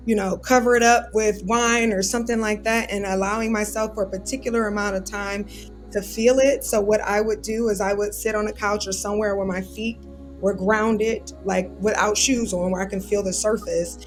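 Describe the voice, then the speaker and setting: A woman's voice: medium pitch, fairly even intonation, normal speed, faint music behind. A woman guest on a podcast interview, talking earnestly and openly about how she copes, getting emotional as she recalls it. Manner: earnest, open, emotional when recalling self-soothing. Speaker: guest, civil rights attorney.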